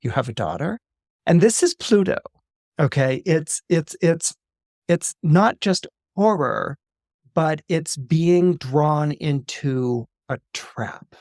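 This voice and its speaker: A man on a podcast retelling a fairy tale film in an animated storytelling way, with many fillers and restarts. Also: a little high, takes it slowly, no room sound, clean studio sound. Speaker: astrologer podcast guest.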